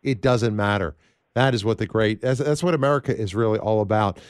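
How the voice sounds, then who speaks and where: A man's voice: lowish voice, a little fast, clean tone, no room sound, studio quality. Rambling male talk show host. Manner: rambling, conversational, lots of fillers.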